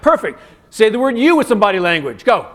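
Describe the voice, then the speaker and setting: A man giving an interactive keynote as a communication coach, energetic and firing quick commands at the audience. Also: high voice. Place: conference stage in a large hotel venue.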